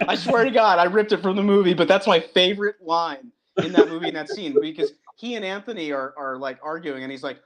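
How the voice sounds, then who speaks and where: A man's voice: high-pitched, a little fast, hardly any pauses, a loud crowd. A man, a comic book creator and guest, chatting animatedly and acting out movie lines as he talks. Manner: animated, acts out movie lines, restarts often. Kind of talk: casual interview chat.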